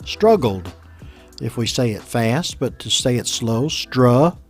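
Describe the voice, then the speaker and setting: A man with an American accent teaching English pronunciation, reading a news story aloud and explaining words slowly and patiently. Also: mid-range voice, steady tone, fairly bright tone, soft background music. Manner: slow, patient, repeats words for learners.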